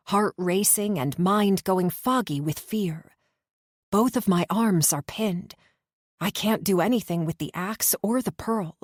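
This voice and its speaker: A woman narrating a first-person romance fantasy audiobook in a measured, tense storytelling manner on a close studio mic. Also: on the low side, no room sound.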